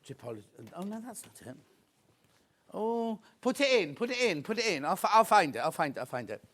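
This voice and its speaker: A British man presenting on a TV shopping channel, chatty and excitable as he counts down stock and jokes with the crew. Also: sits high, a little fast. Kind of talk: live TV shopping sales patter. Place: TV studio.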